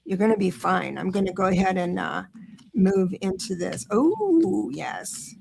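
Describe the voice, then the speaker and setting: Gravelly-voiced chatty woman tarot reader. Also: fairly low pitch. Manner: chatty, reassuring, talks to viewers directly; excitable, rushes then slows down. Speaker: astrologer doing live tarot readings. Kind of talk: live-stream tarot reading.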